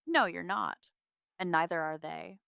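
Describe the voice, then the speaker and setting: A woman doing a steady male doctor, concerned and firm, speaking low. The delivery is crisp and clear in a dry, close recording. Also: unhurried, no echo, full character voice.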